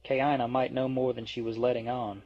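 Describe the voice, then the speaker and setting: A man reading a novel aloud in a steady, even narrating voice. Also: mid-range voice, normal speed. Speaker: audiobook reader. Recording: dry, dull lo-fi.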